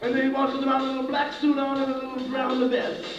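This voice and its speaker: A man's voice: very high voice, completely flat delivery, a little fast, heavy reverb, recorded from a distance, lo-fi sound, loud music behind the voice, pitched above the performer's own voice. A man voicing a befuddled foreign room-service clerk who mishears and repeats words in garbled babble. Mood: confused.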